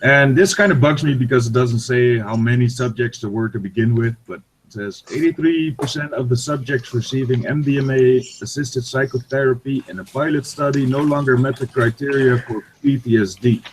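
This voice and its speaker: A man's voice: mid-range voice, fairly quick, hardly any pauses, slight background noise, poor audio. A man hosting a casual online hangout, reading an article aloud steadily with small asides. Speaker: hangout host.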